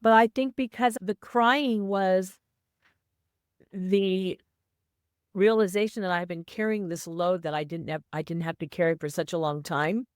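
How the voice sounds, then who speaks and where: A woman's voice: on the low side, measured pace, smooth, no echo, studio quality. A woman co-hosting a podcast, speaking earnestly and repeating key phrases for emphasis. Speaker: podcast co-host. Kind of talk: casual chat.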